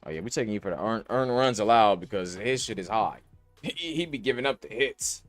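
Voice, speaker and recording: Young male podcast host, low voice, loose slangy rambling, dry close mic. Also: quick pace, no echo, soft background music. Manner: rambling, thinking aloud with slang and cursing. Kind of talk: casual sports betting talk.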